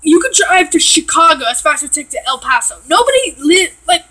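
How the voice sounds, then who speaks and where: A woman's voice: very high voice, big pitch swings, a little fast, pushed and bright, rough recording. A woman from Texas, chatting casually and ranting with lots of swearing and filler words while reacting to a video.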